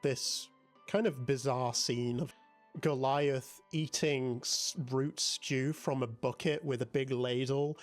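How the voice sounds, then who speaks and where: A man running a tabletop game as game master, narrating casually with many fillers, with soft music behind. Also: medium pitch, fairly even intonation, takes it slowly.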